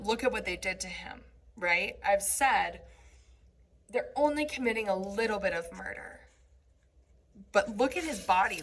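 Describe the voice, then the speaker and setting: Slow, gravelly-voiced woman teacher. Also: mid-range voice, poor audio. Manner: explains lines in casual paraphrase, frequent "right?" and "um"; reads verse aloud between plain explanations. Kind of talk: classroom lecture on a play.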